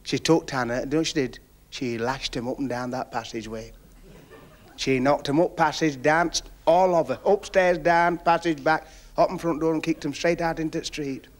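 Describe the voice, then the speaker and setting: A man telling a long, chatty joke story on a 1970s TV comedy stage. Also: moderate pace. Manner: folksy, chatty tale-spinning that drops low and quiet. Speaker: stand-up comedian. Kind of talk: stand-up storytelling. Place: TV studio stage with audience.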